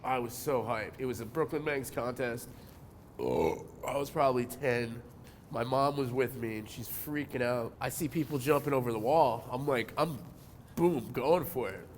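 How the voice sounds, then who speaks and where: A man from New in his forties speaks in a mid-pitched, easygoing voice, dropping curses constantly. He perks up when a story gets good. There is a faint hiss behind him. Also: normal speed. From New Jersey. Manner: laid-back, swears a lot, animated when telling stories. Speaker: interviewee, pro skateboarder. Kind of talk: casual interview.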